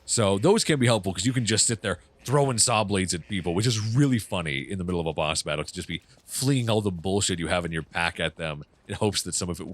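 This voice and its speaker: A man casually commenting on his own game playthrough, swearing often and reacting loudly to what happens on screen. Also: low voice. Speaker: gaming channel host. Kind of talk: casual let's play commentary.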